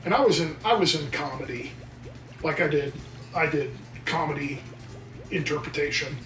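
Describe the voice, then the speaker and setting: A man's voice: on the high side, moderate pace, fairly bright tone, reverberant, far from the mic, soft background music, poor audio. A man co-hosting a casual gameplay video, joking and theatrical as he wanders off on tangents. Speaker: co-host of gaming channel. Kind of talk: casual let's play banter.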